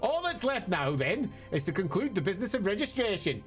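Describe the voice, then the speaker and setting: A man's voice: high-pitched, sing-song, brisk, faint music behind. A man reading the lines of an older woman guild mistress in a formal, archaic game voice. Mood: stately.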